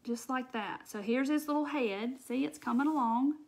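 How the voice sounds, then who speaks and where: A woman's voice: sits high, moderate pace, a little mellow. A woman hosting a live crafting demonstration, chatting directly to her viewers and answering their comments as she works. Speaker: craft tutorial host.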